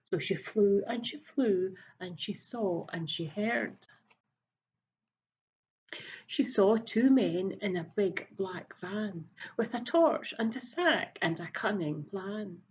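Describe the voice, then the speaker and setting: A woman reading a rhyming picture book aloud in a slow, soft, rhythmic way, like a teacher at story time. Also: mid-range voice. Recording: dull lo-fi recording.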